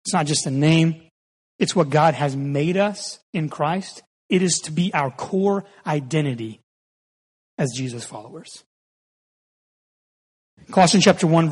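A man in his forties, a pastor giving a conversational, humorous sermon with animated storytelling in a church sanctuary. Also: fairly high pitch, moderate pace, breathy edge. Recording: long reverb hall.

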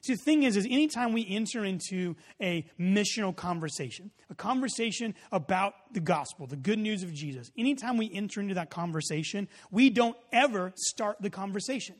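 A man preaching a sermon, telling a story in a loose, casual way with many fillers, then building to loud emphasis. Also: high voice, expressive, brisk, hardly any pauses. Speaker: pastor. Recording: long hall reverb.

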